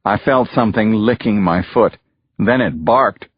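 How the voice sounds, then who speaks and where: Slow, grave male audiobook narrator. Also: on the low side, breathy edge, no room sound. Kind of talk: first-person audiobook narration. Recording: dull, muffled dry recording.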